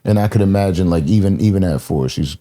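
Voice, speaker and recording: A man hosts a casual interview in a very low voice. His tone is mellow and dark, and he affirms his guest often. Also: fast. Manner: relaxed, affirming, says "yeah" and "facts". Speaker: podcast host.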